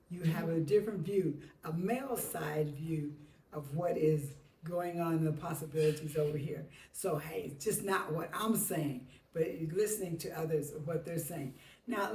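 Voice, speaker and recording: A woman's voice: on the low side, warm tone. A woman hosting a podcast, speaking to listeners in an encouraging, coaxing way. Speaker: podcast host. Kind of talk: casual talk to listeners. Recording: echoey room, far from the mic.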